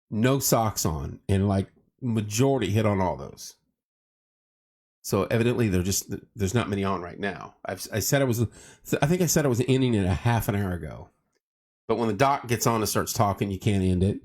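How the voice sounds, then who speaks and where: A tired man hosting a casual late-night livestream, joking around and reading viewer comments aloud. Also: fairly low pitch. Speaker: livestream host.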